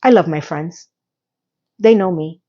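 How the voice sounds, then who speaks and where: A woman's voice: lowish voice, unhurried. A woman vlogger recapping a TV episode in casual chat, sarcastic and chatty, with the odd curse word. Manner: sarcastic, chatty, occasional cursing. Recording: slightly muffled lo-fi audio.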